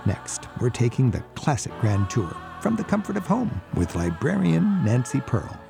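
A man's voice: mid-range voice, very animated, moderate pace, gravelly, over music. A man hosting a radio travel show, asking curious questions and reading show links. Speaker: radio host.

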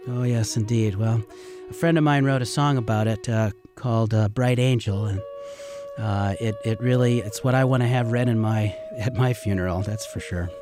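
A man's voice: on the low side, fairly even intonation, normal speed, over music. A middle-aged man, a river rafting guide, telling stories earnestly and ramblingly in a radio interview.

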